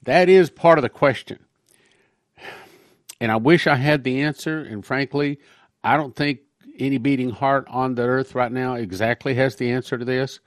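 A male pastor talks through prophecy in an easy, conversational way, pausing now and then to read a quotation aloud. His voice sits at an ordinary middle pitch. The recording is close and dry, with no room sound. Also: dry recording. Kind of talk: sermon-style prophecy talk.

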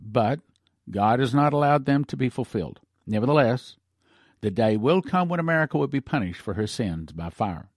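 A man's voice: mid-range voice, dry recording, clean studio sound, natural voice. A man reading the lines of a solemn prophetic angel. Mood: grave. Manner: grave, measured pronouncements. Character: solemn male angel delivering a prophetic warning. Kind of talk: read-aloud story.

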